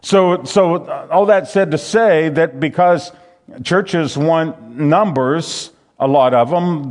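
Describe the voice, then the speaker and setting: A man preaching a sermon, reading scripture aloud and commenting on it with frequent restarts. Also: mid-range voice.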